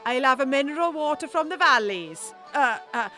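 A woman's voice: high voice, animated, moderate pace, sharp tone, soft background music, pitched above the performer's own voice. A woman voicing a cheeky Welsh woman who pretends to be Irish in a comedy radio sketch, with a Welsh accent, stretching her lines and throwing in put-on Irish phrases. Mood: indignant.

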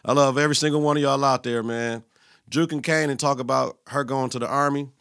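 A man's voice: mid-range voice, fairly even intonation, fairly quick, a bit bright, smooth, dry recording, clean studio sound. A man hosting a podcast, recapping a TV episode in a casual, profane, slang-heavy way. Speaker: podcast host.

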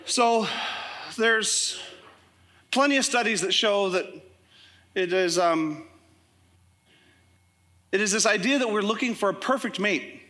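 A man preaching a sermon as pastor, telling joking stories in a lively way to his congregation. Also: high voice, slow, long pauses. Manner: animated, joking storytelling. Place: church service with congregation.

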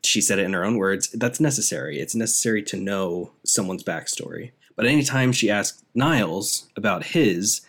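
Excitable man reviewing a movie. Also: lowish voice, moderate pace, few pauses, husky. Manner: enthusiastic, rambling, laughs often. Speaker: podcast co-host. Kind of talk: casual movie review chat.

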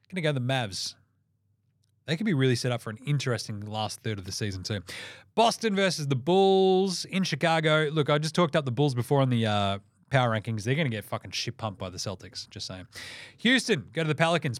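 A brash Australian man hosting a sports podcast, rattling off picks with plenty of swearing and bursts of energy. His voice sits at a middle pitch, and the recording is close and dry with no room sound. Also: no echo. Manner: brash, swearing, quick, animated. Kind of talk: casual sports betting picks chat.

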